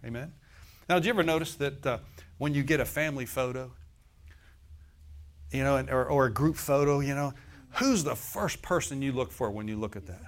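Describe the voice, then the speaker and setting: A man's voice: medium pitch, brisk, pauses often. A male preacher delivering a sermon in a church service. He speaks in a folksy, conversational way, breaking into laughing asides and tossing rhetorical questions at the congregation.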